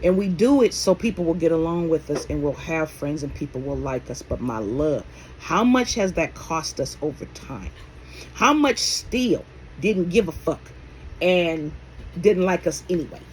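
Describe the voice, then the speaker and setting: A spiritual healer talks straight to camera with a lively, swooping delivery that rises and falls on every point. The talk is blunt and full of swearing, with rhetorical questions thrown at the listeners. Faint noise hums under the voice. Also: medium pitch, measured pace, low-quality recording. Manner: calls the audience endearments like baby and my love.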